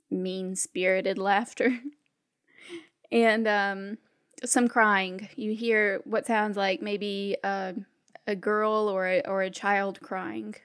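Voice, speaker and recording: A woman's voice: mid-range voice, fairly bright tone, clean tone. A woman narrating a tabletop western game as game master, describing scenes with frequent fillers.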